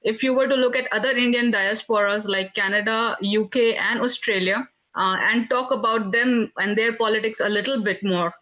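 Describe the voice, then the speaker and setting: A woman's voice: on the high side, fairly even intonation, moderate pace, sharp tone. A woman calling in to a panel, making a hesitant suggestion with plenty of fillers. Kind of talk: casual suggestion. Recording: dull lo-fi line.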